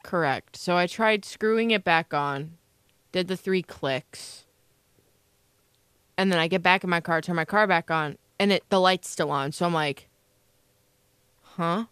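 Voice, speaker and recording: A woman's voice: fairly low pitch, unhurried, a bit bright, smooth, dry recording. Rambling young woman telling a story. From Illinois, USA. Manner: rambling storyteller, frequent fillers. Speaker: co-host. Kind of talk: casual chat.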